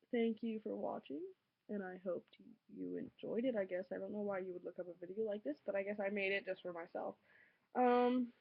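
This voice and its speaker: A woman's voice: medium pitch, vocal fry. A teenage girl vlogging casually, ranting in an exasperated way with lots of fillers. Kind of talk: casual vlog monologue. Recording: dull lo-fi home recording.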